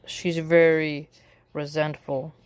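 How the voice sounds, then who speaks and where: A woman's voice: deep voice, little pitch movement, slow pace, smooth. A woman giving casual spoken commentary in a sarcastic way, full of rhetorical questions. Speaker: political commentator.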